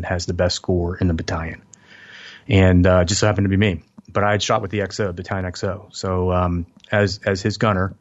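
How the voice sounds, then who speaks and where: Fast-talking man telling war stories. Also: sits low, highs cut off. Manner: animated, quotes others in his stories. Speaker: guest, former Marine tank officer. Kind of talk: storytelling in a casual interview.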